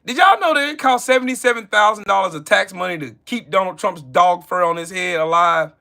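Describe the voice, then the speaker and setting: A political commentary livestream host, a man with a high-pitched, gravelly voice and sharp tone, talks a little fast through a casual rant. He mocks and curses while addressing chat viewers by name.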